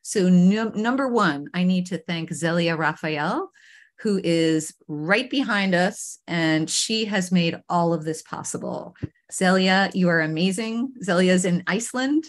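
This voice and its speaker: A woman hosts a live online arts talk show from a video call. Her voice sits on the low side for a woman, and she speaks with gushing enthusiasm, often stumbling and restarting mid-phrase. She comes from Queens, New York. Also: animated, unhurried. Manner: enthusiastic, effusive, with frequent restarts. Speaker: host.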